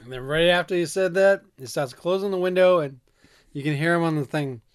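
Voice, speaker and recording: A woman's voice: on the low side, brisk. Wry woman chiming in with quips. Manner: chimes in with short wry quips. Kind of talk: casual podcast chat.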